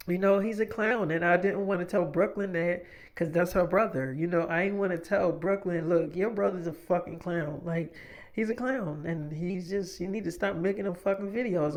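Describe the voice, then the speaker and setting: A young man telling a casual story in a rambling, profane way, often repeating himself. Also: high-pitched.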